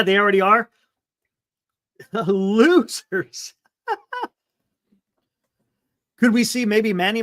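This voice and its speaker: A man's voice: sits high, pushed and bright. A man hosting a live sports stream, chatting loosely, reading viewer comments and laughing often.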